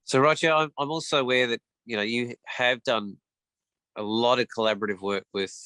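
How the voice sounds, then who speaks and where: A man's voice: mid-range voice, steady tone, fairly quick, pushed and bright, smooth, no echo, poor audio. A man hosting a photography podcast, asking long, meandering questions with many restarts. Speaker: podcast host. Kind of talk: interview questions.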